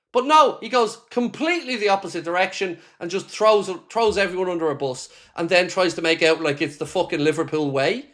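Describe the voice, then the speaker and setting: A man's voice: high voice, animated, moderate pace, fairly bright tone. An Irishman hosting a live football fan reaction stream, ranting angrily, swearing and reading viewer comments aloud. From Ireland. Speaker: fan channel host.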